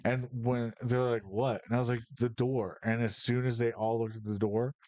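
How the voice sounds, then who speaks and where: Hosting a casual podcast, a man from Michigan tells rambling personal stories that turn profane and fired up. His medium-pitched voice is a little mellow, with a flat delivery at a moderate pace, and there's no room sound.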